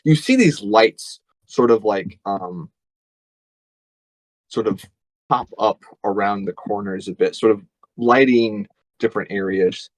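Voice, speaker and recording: A man's voice: lowish voice, slow pace, long pauses, no room sound, rough recording. A man running a tabletop game as game master, describing scenes casually with many fillers and restarts.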